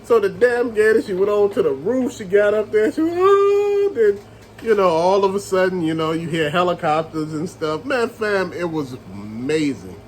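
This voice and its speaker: A man reviewing a movie in a casual rant, retelling scenes with animated storytelling and calling his viewers family. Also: sits high, normal speed, slight background noise, poor audio.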